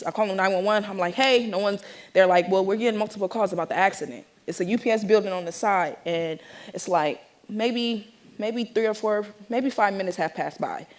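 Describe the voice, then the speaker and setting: A woman's voice: mid-range voice, a little fast. Young woman telling her story animatedly. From San Francisco Bay Area. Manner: animated, acts out voices of people in her story. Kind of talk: personal storytelling talk to an audience.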